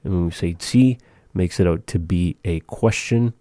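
A man with a very deep, very dark, mellow voice hosts a radio segment from a studio. He walks listeners through short phrases, repeating each one slowly and carefully. The mic sound is close and dry. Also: dry recording. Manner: slow, careful repetition of phrases. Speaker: radio host teaching language phrases. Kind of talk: casual radio talk with language lesson.

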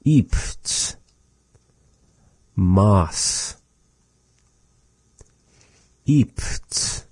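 Very deep, slow-talking man teaching words. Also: lively intonation, darkish tone, slightly rough, no room sound. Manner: repeats each word slowly, chatty asides. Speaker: language teacher. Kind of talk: casual vocabulary lesson.

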